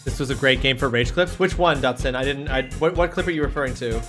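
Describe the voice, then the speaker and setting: A man streaming a game live, chatting excitedly with viewers and swearing freely. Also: mid-range voice, fast. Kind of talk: live gameplay commentary. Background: game music.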